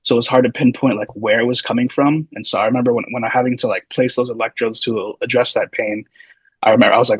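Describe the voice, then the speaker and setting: Husky-voiced man telling stories casually. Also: mid-range voice, fairly even intonation, fairly quick, a bit bright, no echo, poor audio. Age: 30s. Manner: loose, meandering, full of hedging asides. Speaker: podcast guest, physical therapy student. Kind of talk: casual storytelling.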